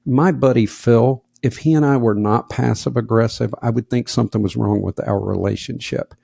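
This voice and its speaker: A man co-hosting a podcast in casual chat, joking and wry, with a gravelly voice. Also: medium pitch, steady tone, normal speed, mellow. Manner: joking, self-deprecating, wry. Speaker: podcast co-host.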